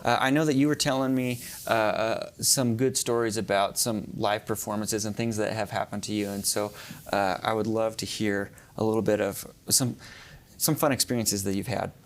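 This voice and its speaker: A man's voice: lowish voice, fairly even intonation, normal speed, slight background noise. A man hosting a casual talk show interview, upbeat and chatty, laughing along with his guest.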